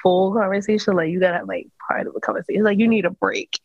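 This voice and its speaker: Husky, gravelly young woman chatting. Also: mid-range voice, steady tone, no echo, muffled recording. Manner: quick, opinionated, teasing. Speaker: podcast guest. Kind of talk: casual podcast chat.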